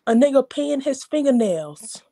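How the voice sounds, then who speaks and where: A blunt New York woman with a raised, lively voice that swings up and down as she talks. She swears freely and teases her co-host in a loose livestream chat. The sound is dry and close. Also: high voice, normal speed, creaky, dry recording. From New York City. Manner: blunt, profane, teasing. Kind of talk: casual chat.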